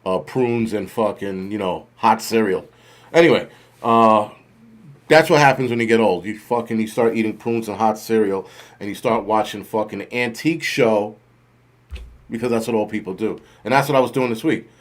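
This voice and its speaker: A man's voice: fairly low pitch, normal speed. A middle-aged man hosting a livestream, swearing constantly and rambling in a self-mocking way before turning to the news. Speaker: host. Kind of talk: profane casual livestream rant.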